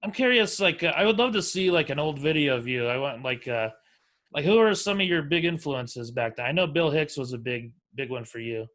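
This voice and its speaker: A man's voice: on the high side, lively intonation, a little fast, fairly bright tone. A man hosting a podcast, chatting casually in an easygoing, supportive way. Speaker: podcast host.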